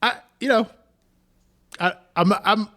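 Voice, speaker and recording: A man's voice: sits high, slow, bright, forceful tone. A man co-hosting a podcast in casual chat, agreeable and filling his talk with "yeah" and "like.". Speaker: podcast co-host.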